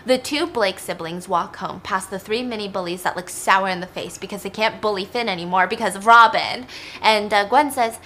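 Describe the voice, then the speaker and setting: A woman's voice: medium pitch, normal speed, a bit bright, slight background noise. A young woman casually retelling a film plot in a chatty way, with lots of like and you know. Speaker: storyteller.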